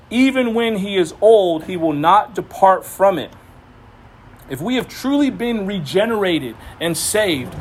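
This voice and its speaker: A young man delivers a sermon in a high, light voice. He preaches in a conversational way, mixing Scripture with humorous family asides. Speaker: pastor.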